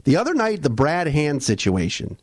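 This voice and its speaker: A man co-hosting a casual sports podcast, talking in an animated, rambling way with restarts and fillers. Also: fairly high pitch, moderate pace, dry recording. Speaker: podcast co-host.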